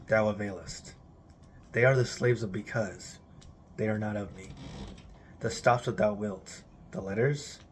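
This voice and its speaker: A man's voice: lowish voice, slight background noise. A man giving a solemn, declamatory recitation of an archaic religious text in an intoned delivery. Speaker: reader.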